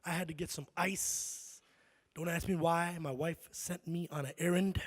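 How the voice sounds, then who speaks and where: A man from Chicago performing animated stand-up comedy on a concert hall stage, often tossing "right?" to the crowd. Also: a little high, normal speed. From Chicago, USA. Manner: animated storytelling, frequent "right?" asides.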